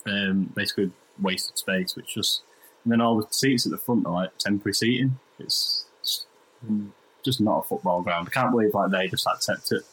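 Husky man, casual and filler-heavy. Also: fairly low pitch, normal speed, fairly bright tone, poor audio. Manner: loose, full of likes and fillers. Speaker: podcast co-host. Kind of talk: casual chat.

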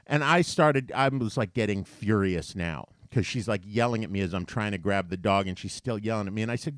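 A man telling a story in a casual chat, animated and profane, getting heated as he goes. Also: fairly low pitch, moderate pace, dry recording, clean studio sound. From New York.

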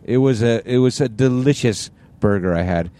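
A man's voice: medium pitch, normal speed, warm tone. A middle-aged man co-hosting a podcast, chatting casually and rambling with restarts while riding in a car on a road trip. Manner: rambling, self-interrupting. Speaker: podcast co-host. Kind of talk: casual chat.

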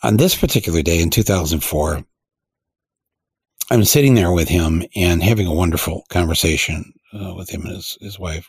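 Gravelly man, slow anecdote teller, wry, lots of ums and restarts, dry close sound. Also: sits low, no echo. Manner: rambling, frequent fillers and restarts, wry. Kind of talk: storytelling anecdote to an audience.

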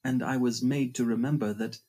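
A woman's voice: a bass voice, fairly even intonation, a little fast, dark tone. A man voicing a young woman in an audiobook, speaking of her captor with earnest, rising passion. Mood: wistful. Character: young woman, frightened yet devoted. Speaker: audiobook character voice.

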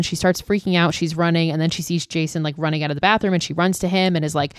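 A young woman with a low, smooth, resonant voice talks through a film scene by scene. She keeps it loose and chatty, dropping filler words and casual swears. The sound is dry and close. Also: steady tone, fast, hardly any pauses, no room sound. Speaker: podcast host.

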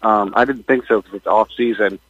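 A man's voice: lowish voice, steady tone, brisk, fairly bright tone, husky, dry recording, dull audio. A man, the show's host, calling in by phone and joking, rambling with many fillers. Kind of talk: casual phone-in chat.

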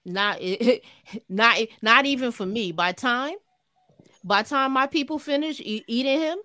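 A woman's voice: a little high, measured pace, bright, forceful tone, dry recording. A woman on a reaction chat panel, blunt and defiant in her opinions.

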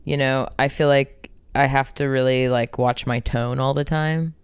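Candid woman musician interviewee, smooth voice, dry close sound, swears freely. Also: rumbling low, fairly even intonation, a little slow, no echo. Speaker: rock band singer being interviewed. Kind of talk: casual interview conversation.

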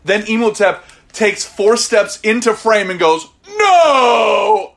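Brief: male podcast co-host, slightly high voice, dry wry recap. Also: little pitch movement, a little slow, fairly bright tone. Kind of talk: casual movie recap chat.

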